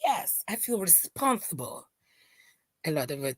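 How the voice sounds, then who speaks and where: A woman's voice: fairly low pitch, a little slow, slightly rough, dry recording, studio quality. A woman doing a casual, mocking commentary rant. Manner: mocking, animated, fake crying and singing impressions. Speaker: commentary streamer.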